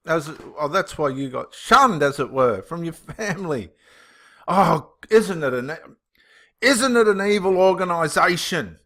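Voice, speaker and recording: A channel host with a slightly high voice and vocal fry reads viewer comments and responds with passion and emphasis. He alternates between loud preaching and muttering to himself.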